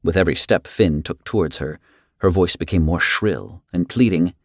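Low-voiced male audiobook narrator, grave and steady, dry close sound. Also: normal speed, no echo.

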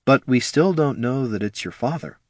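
Blunt fiery young sorceress, voiced by a man narrator; slow, dry, lively intonation. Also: medium pitch, dry recording, lightly acted. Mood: concerned.

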